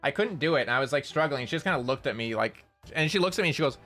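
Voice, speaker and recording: A VTuber streamer chatting casually, telling an animated, self-mocking story with lots of repeats. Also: medium pitch, very fast, soft background music.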